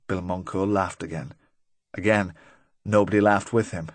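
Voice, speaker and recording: A man narrating a crime audiobook, measured and steady. His voice is on the low side, recorded close and completely dry. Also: no echo. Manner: measured, even storytelling.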